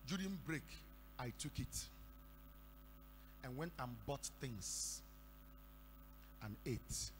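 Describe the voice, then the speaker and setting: A Nigerian man preaching a sermon, telling stories and breaking into shouted declarations. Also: medium pitch, expressive, slow pace, long pauses. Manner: storytelling with sudden shouted declarations. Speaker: pastor. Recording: echoey hall with faint hum.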